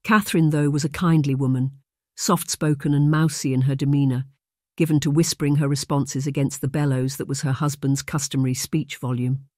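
Even, steady audiobook narrator for a romance; mid pitch, dead dry sound. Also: brisk, dry recording. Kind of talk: scripted narration.

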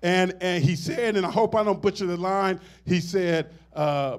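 A fairly high-pitched middle-aged man delivers a sermon as pastor. He builds phrases to a swell and breaks off into casual asides to the congregation. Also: fairly even intonation, unhurried. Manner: preaching with rising, swelling emphasis and call-and-response asides.

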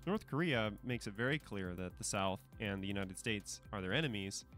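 A man giving casual spoken commentary to camera, conversational and hedging, with frequent fillers and restarts. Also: medium pitch. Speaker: commentary channel host.

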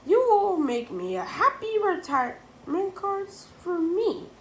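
A woman's voice: extremely high pitch, expressive, slow pace, voice pushed up, exaggerated voice. Woman doing a stern bossy old schoolteacher. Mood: snappy. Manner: bossy, shouting orders at the class. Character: stern, grumpy female schoolteacher near retirement. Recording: roomy echo, faint noise.

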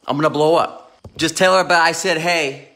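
A man talking in an unscripted vlog from his home garage, brash, loud and hyped, swearing constantly. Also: on the high side, fairly even intonation, fast talker. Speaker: mindset coach and vlogger. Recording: roomy garage echo.

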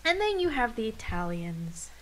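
Animated young woman podcast host. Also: moderate pace, slight background noise, low-quality recording. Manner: animated, swearing, jumps pitch when excited. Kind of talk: casual podcast chat.

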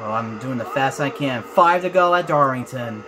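A man's voice: mid-range voice, expressive, normal speed. A young man hosting a racing game let's play, talking to viewers and repeating his frustration as he races. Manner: frustrated, repetitive, talks to viewers. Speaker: gaming channel host.

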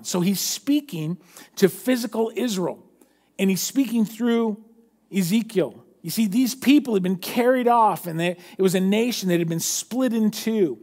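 A man preaching a sermon as pastor, reading scripture aloud and explaining it conversationally, dropping low and soft for quoted lines. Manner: self-correcting, conversational preaching.

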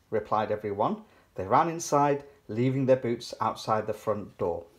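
A man's voice: on the low side, moderate pace. Man reading a kids' picture book. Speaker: storybook reader. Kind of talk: children's picture book read aloud.

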